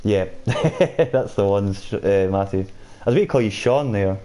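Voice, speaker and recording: A man's voice: lowish voice, lively intonation, moderate pace, dark tone. A man casually chatting with viewers while streaming a game, reading out their comments as he plays. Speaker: gaming streamer. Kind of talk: casual live-stream chat.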